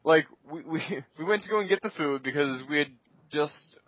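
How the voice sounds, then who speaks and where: A man with a slightly high voice rambles through a casual podcast story, restarting his sentences over and over. The recording is dry and dull. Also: normal speed, no echo. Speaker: podcast co-host. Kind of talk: casual chat.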